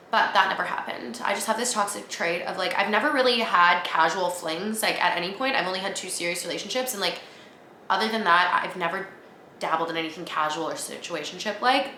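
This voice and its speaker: A young woman from Canada tells a story as a podcast host, chatty and self-mocking, leaning on "like" constantly. Her voice is bright and forceful. The recording is roomy and echoey, with a faint hiss behind her. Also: medium pitch, lively intonation, fast talker. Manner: chatty, oversharing, heavy "like" filler, self-mocking. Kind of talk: casual storytelling monologue. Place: apartment room. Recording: echoey room.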